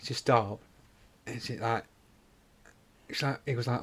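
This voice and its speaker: A man chats casually on a podcast, telling long rambling stories. He swears freely and acts out the voices of the people in his anecdotes. His voice sits at a middling pitch. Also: steady tone, a little slow, husky. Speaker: podcast co-host. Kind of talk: casual chat.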